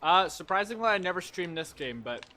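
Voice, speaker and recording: A man's voice: sits high, animated, brisk, sharp tone, slight background noise. A man who is a guest streamer, chatting casually and joking while he plays a game. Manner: joking, easygoing. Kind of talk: casual chat while gaming.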